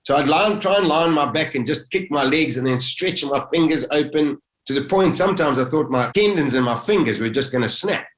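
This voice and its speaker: South African male guest; lively first-person retelling, recorded in an echoey room. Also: fairly high pitch, fairly quick, few pauses. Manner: animated, vivid retelling with acted-out inner thoughts. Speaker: interview guest. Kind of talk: emotional first-person storytelling.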